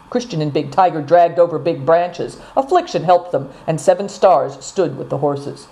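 A woman narrating a storybook, reading expressively at an even pace. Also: low voice, moderate pace, few pauses, rough recording.

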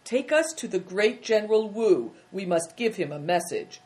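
A woman's voice: mid-range voice, very animated, normal speed, darkish tone, close to an everyday voice. A woman voicing Big Tiger, an eager, chatty thirteen-year-old boy, in a storybook reading. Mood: earnest.

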